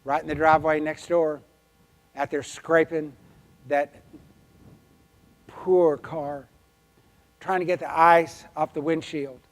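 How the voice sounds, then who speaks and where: A man with a drawl tells folksy stories from the stage at a conference keynote. His voice sits a little high, and he swings from loud, emphatic lines to quiet, confiding ones. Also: flat delivery, slow, pauses often. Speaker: keynote speaker. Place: conference hall.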